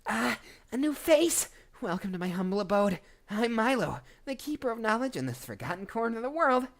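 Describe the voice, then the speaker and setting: A man's voice: sits high, big pitch swings, brisk, gravelly, slight background noise, pitched above the performer's own voice, full character voice. A man voicing a tiny, dramatic male goblin lore keeper with a put-on English accent. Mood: grand welcome. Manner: theatrical, swings from hushed to yelling.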